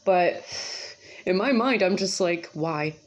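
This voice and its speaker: A woman talks casually to her camera from her kitchen, full of slang and the odd curse. She rambles, and her asides run into one another at a relaxed, mid-range pitch. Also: moderate pace. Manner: chatty, slangy and profane, with lots of asides. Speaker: vlogger. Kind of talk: casual rambling vlog monologue. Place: home kitchen.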